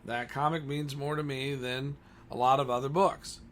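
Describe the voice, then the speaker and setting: A man's voice: medium pitch, steady tone, moderate pace, fairly bright tone, a little hiss or hum. A man who owns a comic store, talking bluntly and combatively in a ranting monologue.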